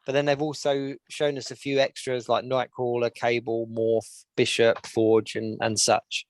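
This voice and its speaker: A man co-hosting a podcast, chatting casually and listing news with many pauses. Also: medium pitch, flat delivery, dry recording. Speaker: podcast co-host. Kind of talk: casual chat.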